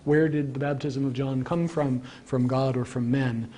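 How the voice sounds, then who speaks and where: A man's voice: fairly even intonation, moderate pace, mellow. A man giving a conversational public lecture from slides, with frequent ums and casual asides. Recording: archival local-TV lecture tape, faint rumble.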